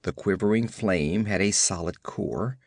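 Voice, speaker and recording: A man narrating an audiobook with dramatic, expressive storytelling. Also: deep voice, measured pace, dry recording, clean studio sound.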